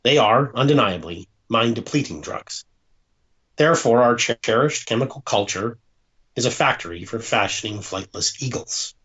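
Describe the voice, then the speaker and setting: A man, an author, reading aloud from his own book in a measured, deliberate way with dramatic pauses. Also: mid-range voice, lively intonation, fairly bright tone. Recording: dull lo-fi sound.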